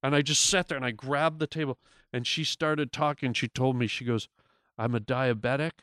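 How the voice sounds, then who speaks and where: A man's voice: medium pitch, fairly even intonation, a little fast, sharp tone, no room sound, studio quality. A man, a guest comedian, telling a story in casual talk, with lots of restarts and acted-out quotes.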